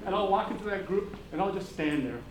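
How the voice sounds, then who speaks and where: A man speaking on a panel discussion, animated and engaging the audience with humor and questions. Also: sits high, fast, noisy background. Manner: animated, audience-engaging, uses put-on voices for quoted people. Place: conference hall.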